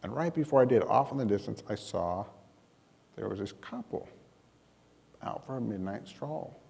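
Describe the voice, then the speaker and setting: A man giving a talk, telling a personal story to an audience in a lively, self-deprecating way with comic timing. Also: on the low side, normal speed, vocal fry, in a large hall, slight background noise. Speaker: emergency manager giving a talk.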